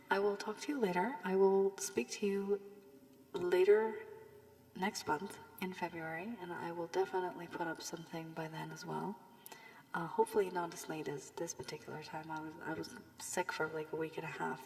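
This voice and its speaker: A woman giving a tarot reading with advice, her voice worn from illness, speaking softly and often half-whispering. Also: lowish voice, little pitch movement, moderate pace. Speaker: tarot reader. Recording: long room reverb, faint background hiss.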